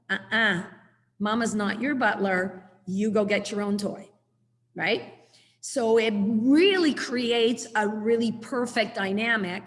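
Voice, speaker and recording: A woman's voice: mid-range voice, a little slow, a bit bright, in a large hall. Chatty middle-aged woman teaching on a video call. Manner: chatty, acts out her corrections to the dog. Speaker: puppy training instructor. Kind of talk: online class lecture.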